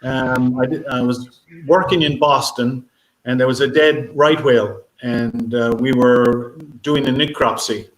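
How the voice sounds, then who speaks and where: A man giving a conference talk as a marine biologist, speaking haltingly with many fillers and restarts. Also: mid-range voice, fairly even intonation. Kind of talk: conference talk answering questions. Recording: echoey room, faint noise.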